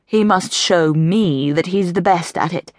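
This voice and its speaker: A woman voicing a sulky grown man king who moans slowly and gloomily. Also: lowish voice, no echo, studio quality, natural voice. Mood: moaning. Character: moaning, self-pitying grown man king.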